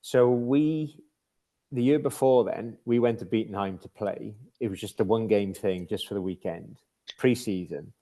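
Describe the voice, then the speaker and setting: His voice sits fairly low and sounds mellow, moving at a normal speed. He is a middle-aged British man and former ice hockey captain, guesting on a podcast to tell rambling hockey stories in a casual chat, restarting often and laughing along.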